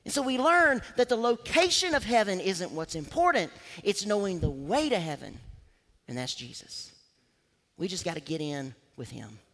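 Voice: mid-range voice, very animated, normal speed, fairly bright tone. A preacher giving an emphatic sermon who acts out scripture quotes. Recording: long hall reverb.

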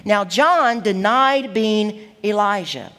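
A woman preaching a sermon, teaching in an emphatic, expressive way. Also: mid-range voice, slow. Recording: long hall reverb.

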